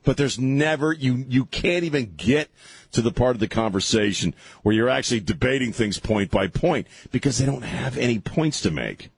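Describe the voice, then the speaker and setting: A man's voice: mid-range voice, lively intonation, normal speed, creaky, husky, no echo. A man hosting talk radio, ranting sarcastically through an opinionated monologue and often restarting his sentences.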